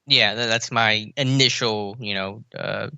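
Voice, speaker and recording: A man co-hosting a sports podcast, brisk and matter-of-fact, with some teasing. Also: lowish voice, steady tone, gravelly, pushed and bright, smooth, no echo. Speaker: podcast co-host. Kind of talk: casual sports analysis. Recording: slightly dull lo-fi mic.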